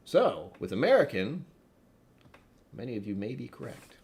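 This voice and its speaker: A man's voice: medium pitch, very animated, moderate pace, a little mellow. A man hosting a whiskey tasting livestream, chatting casually with viewers in a wry, self-mocking way.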